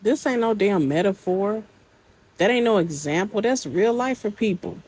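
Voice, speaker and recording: A woman's voice: mid-range voice, lively intonation, normal speed, darkish tone, husky, low-quality recording. A woman hosting a commentary channel, reacting in a casual, slangy, indignant scolding way.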